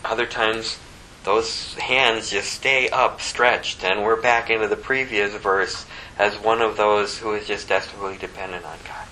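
A man's voice: fairly even intonation, unhurried, sharp tone, slight background noise, low-quality recording. A man preaching a sermon, his voice rising sharply when he gets emphatic. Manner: impassioned, pitch climbing sharply when emphatic.

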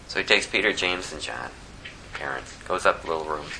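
A man preaches in an animated, chatty storytelling way and laughs often. His voice has a very bright, forceful tone, with faint noise behind it. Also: very deep voice, a little fast, vocal fry, poor audio. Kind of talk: sermon storytelling.

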